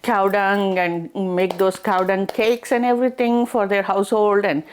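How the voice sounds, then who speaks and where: A woman storyteller retelling a folk tale in a casual, chatty and animated way. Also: medium pitch, moderate pace, clear, resonant tone. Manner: chatty, animated, many fillers like "she's like".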